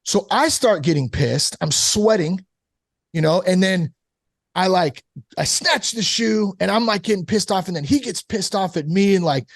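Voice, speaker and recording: A man casually telling a candid personal story about fatherhood and recovery, animated, full of "like" and "you know". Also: high voice, normal speed, gravelly, no room sound, clean studio sound. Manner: candid, animated, acts out quoted voices; frequent fillers like "like" and "you know". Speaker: sober father on a recovery podcast.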